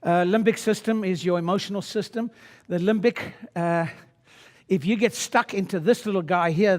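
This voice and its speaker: A man in his sixties, a chiropractor giving a live seminar talk, blunt and swaggering with salty language and sudden loud shouted bursts. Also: sits high.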